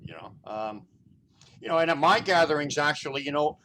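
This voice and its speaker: A man's voice: on the high side, animated, fairly quick, sharp tone. A man hosting a casual interview show, talking loosely and filling his sentences with "you know" and "whatever". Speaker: show host.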